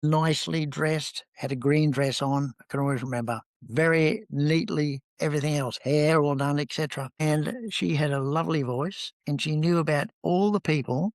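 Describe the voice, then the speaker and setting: An interview guest from New Zealand, a man in his seventies, talks at a moderate pace with hardly any pauses in a voice on the high side with fairly even intonation. There's no echo as he tells rambling, relaxed anecdotes with many ums.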